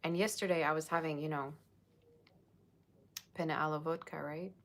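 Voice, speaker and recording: A woman's voice: deep voice, steady tone, normal speed, fairly bright tone. A woman giving a casual, rambling livestream tarot reading, chatting with viewers and thanking them by name. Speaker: tarot reader.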